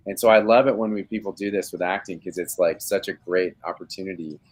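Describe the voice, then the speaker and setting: This low-pitched man keeps a steady tone but talks quickly. He's an actor in his thirties joining a casual live interview chat by video call from home, and his answers meander with frequent fillers and restarts.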